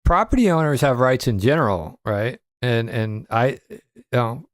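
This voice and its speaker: A man's voice: medium pitch, lively intonation, moderate pace. A man hosting a casual show, reacting to a played clip with sarcastic, joking commentary. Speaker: podcast host.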